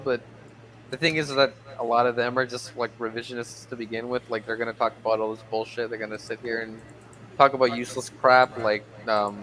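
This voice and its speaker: A man's voice: mid-range voice, a bit bright, rough recording. A man chatting casually on a political voice call, rambling with lots of fillers and laughs. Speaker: voice-call guest.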